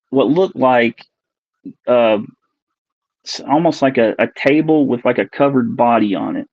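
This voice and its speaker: A man in his forties, a guest earnestly recounting a personal experience in a halting way as he searches for words. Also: medium pitch, no echo. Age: 40s. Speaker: podcast guest. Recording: dull, lo-fi dry recording.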